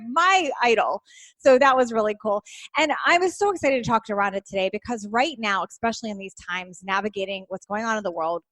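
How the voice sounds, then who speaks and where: A woman's voice: a little high, fairly bright tone, no room sound. A woman in her thirties hosting a podcast interview, enthusiastic and gushing, laughing easily as she introduces and questions her guest. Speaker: podcast host. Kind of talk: casual interview.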